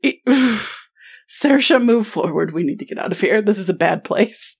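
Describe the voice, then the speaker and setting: A woman voicing a timid, polite young female adventurer who speaks softly and hesitantly in a tabletop game. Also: medium pitch, animated, measured pace, gravelly, breathy edge, exaggerated voice. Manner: soft, hesitant.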